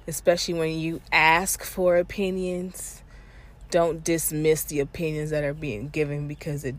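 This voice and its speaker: A woman's voice: low voice, slight background noise. A woman in her thirties talking candidly and emotionally on her own podcast, recorded on her lunch break near an airport. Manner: candid and emotional, with frequent fillers and laughs. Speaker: podcast host. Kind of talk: casual personal podcast monologue.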